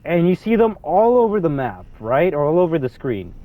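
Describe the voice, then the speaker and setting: Excitable young man ranting over gameplay. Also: on the high side, moderate pace, phone-quality sound. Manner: excitable, rambling, swings between mutters and loud outbursts. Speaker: gaming youtuber.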